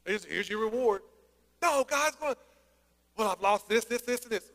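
A man preaching a sermon, energetic and conversational, with joking asides. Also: extremely high pitch, normal speed. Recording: long hall reverb.

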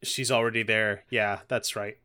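A man's voice: lowish voice, little pitch movement, normal speed, sharp tone. A man co-hosting a podcast, casually recapping an anime with sarcastic jokes and frequent laughs. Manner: joking, sarcastic, laughs often. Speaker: podcast co-host.

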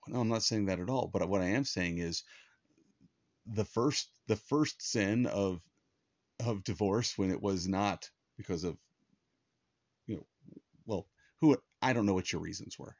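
A man with a low voice preaches in a conversational, earnest way, often restarting his sentences. The sound is dry and close, with a slightly dull, muffled tone. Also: darkish tone, dry recording. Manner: earnest, plain-spoken, with many fillers and restarts. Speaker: pastor. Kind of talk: conversational sermon.

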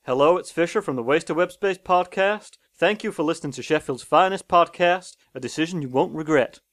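A man putting on a Deep South American accent, reading a slow promo line. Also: a bit bright, lightly acted.

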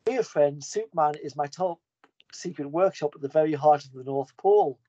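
A man's voice: fairly high pitch, moderate pace, warm tone, dry recording, natural voice. A man voicing a jolly old Santa Claus who greets a guest, staying close to his own voice. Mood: genial. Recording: dull lo-fi podcast audio.

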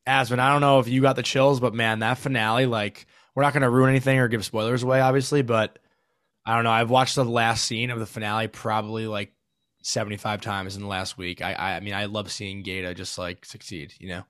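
A man co-hosting a podcast in casual chat, rambling with lots of fillers and trailing off softly at the ends of thoughts. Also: lowish voice, flat delivery, fairly quick, no echo, clean studio sound. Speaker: podcast co-host.

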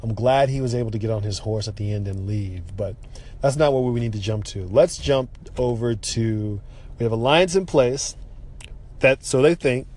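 A man giving a casual, animated spoken recap of a TV episode, exasperated and swearing freely. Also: medium pitch, normal speed.

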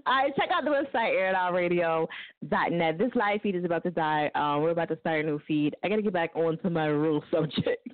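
A woman hosts a call-in radio show in loose, profane banter and laughs a lot. Her voice sits fairly low but swings widely in pitch. The sound is dry and squeezed into a narrow, phone-like band. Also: animated, fairly quick, dry recording. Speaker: radio host. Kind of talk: casual call-in radio talk.

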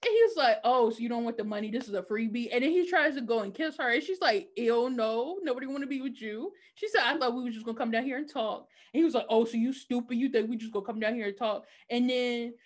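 In a casual chat, a woman whose voice is a little high recaps a TV episode fast, with hardly any pauses. Her storytelling is animated as she acts out the characters' quoted lines in different voices.

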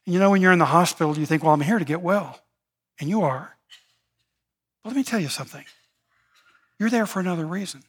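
A man preaching a sermon as pastor, building emphasis and slowing to stress key words. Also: high voice. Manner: preaching with rising emphasis, slow deliberate stresses.

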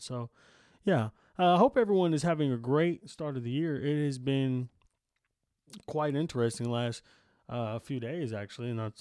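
A man's voice: medium pitch, a little mellow, no echo, clean studio sound. A young man hosting his own podcast in casual, rambling chat, slangy and candid. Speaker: podcast host. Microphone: camera setup with a close mic.

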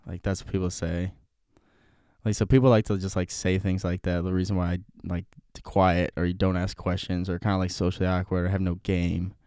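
Rambling young man, smooth low voice. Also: dark tone, no room sound, clean studio sound. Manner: rambling, many fillers and restarts. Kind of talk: casual podcast chat.

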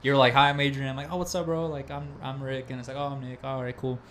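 Slangy, excitable young man hosting a chat. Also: medium pitch, fast, slight background noise. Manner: enthusiastic, slangy, full of "bro" and "dude". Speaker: host. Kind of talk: casual chat.

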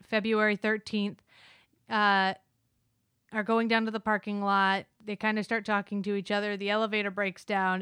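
A woman's voice: mid-range voice, a bit bright, clean tone, no room sound, clean studio sound. A woman co-hosting a casual movie review chat, retelling scenes with lots of fillers and quoted lines. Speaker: podcast co-host.

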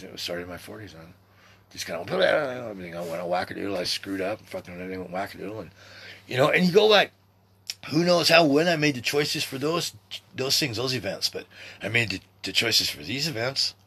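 A man in his sixties hosting a podcast, talking in a rambling, profane, animated monologue. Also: on the low side, brisk, creaky, husky. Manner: rambling and profane, with excited swings in loudness. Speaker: podcast host.

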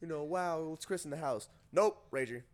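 A man's voice: fairly high pitch, normal speed. A young man telling a party story in casual talk, swearing and laughing often. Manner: animated, profane, laughs through the telling.

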